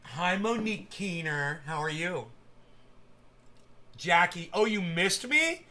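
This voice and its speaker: A man's voice: sits high, animated, measured pace, pushed and bright. A man hosting a live stream, ranting casually with lots of swearing and stammered repeats. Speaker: livestream host. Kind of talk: casual livestream rant.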